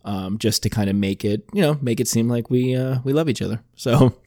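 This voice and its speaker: A man hosting a podcast with a throaty voice, rambling casually and clearing his throat often. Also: medium pitch, fairly quick, warm tone, dry recording, clean studio sound. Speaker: podcast host. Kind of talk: casual chat.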